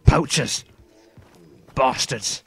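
A man giving comedic in-character commentary over a video game, swearing constantly and breaking into sudden excited outbursts. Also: mid-range voice, extremely slow. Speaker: gameplay commentator.

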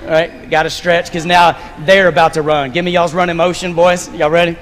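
Pastor, male, high voice, lively stage preacher with a joking touch; long hall reverb. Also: a little fast, slight background noise. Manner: animated, directing volunteers on stage with playful asides. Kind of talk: sermon. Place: church stage. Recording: long reverb of a large sanctuary.

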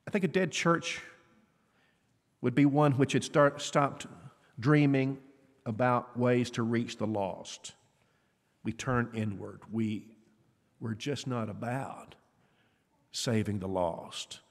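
A man's voice: mid-range voice, slow pace, pauses often. A man preaching a sermon in an earnest, conversational way, asking his listeners questions. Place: church auditorium. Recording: long reverb of a church hall.

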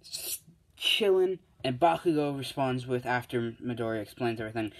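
A young man at home late at night tells his fan story off the cuff, full of fillers, restarts and hummed placeholder sounds. His voice sits at a middling pitch. He records on a handheld device. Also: fairly even intonation, normal speed. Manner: rambling, filler-heavy, hums placeholder sounds. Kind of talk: casual spoken fan story. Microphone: tablet or other handheld device.

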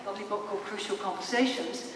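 A woman psychologist giving a lively, engaging talk in a large expo hall, asking the audience questions, heard from a distant mic with a roomy echo. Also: mid-range voice, fast. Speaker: psychologist and speaker. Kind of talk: public presentation. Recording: echoey hall, distant mic, faint noise.

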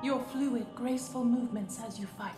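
A woman's voice: fairly high pitch, moderate pace. A woman voicing an ancient female Zora sage spirit, speaking in a solemn, formal way with a ghostly echo. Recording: echoey long reverb over loud game music.

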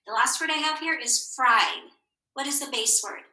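A woman teacher giving a recorded phonics lesson to young children, slow and encouraging, asking questions and answering them herself. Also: high voice, bright, forceful tone. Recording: echoey room.

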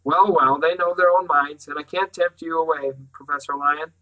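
A man's voice: fairly high pitch, fairly even intonation, moderate pace, bright, forceful tone, rough recording. A man reading a friendly, grinning woman.

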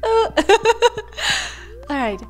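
A woman with a very high voice that swoops wildly speaks very slowly while hosting a let's play. She chats casually, giggles and gushes about the game, and laughs often over faint game music.

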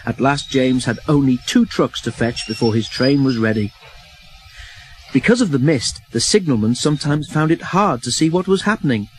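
A man narrating a children's storybook in an expressive, even reading. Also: medium pitch, normal speed, soft background music, low-quality recording.

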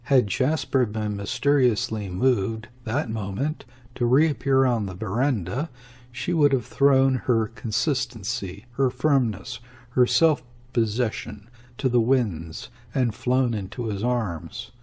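A man reading a classic novel aloud as an audiobook narrator, in a measured, even manner. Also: mid-range voice, breathy edge. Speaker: audiobook reader. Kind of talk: scripted literary narration.

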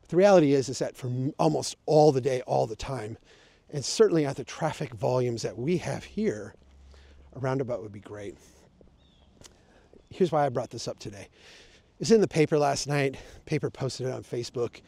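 A man's voice: mid-range voice, moderate pace, gravelly, warm tone, no room sound. A man explaining his point of view in a casual vlog, talking conversationally with emphatic, sarcastic asides. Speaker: urban planning advocate.

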